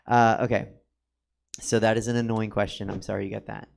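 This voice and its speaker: A man's voice: on the low side, little pitch movement, vocal fry. A man hosting a casual studio interview as a drag performer, joking and teasing his guest. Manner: joking, teasing, quick asides. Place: studio in a comedy theater.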